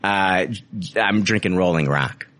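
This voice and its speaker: A man's voice: low voice, slow, a bit bright. A man hosting a podcast in casual chat, swearing a lot, rambling and mocking himself. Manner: profane, rambling, self-mocking. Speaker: podcast host.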